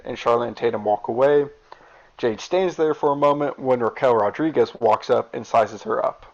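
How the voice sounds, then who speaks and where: A man casually narrating a recap of a wrestling video game season, with fillers. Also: mid-range voice. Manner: plain reading with fillers. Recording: dull lo-fi recording.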